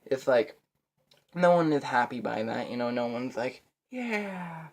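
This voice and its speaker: A man's voice: medium pitch, moderate pace, creaky. A young man giving a casual movie review, rambling and profane, with laughs between his points.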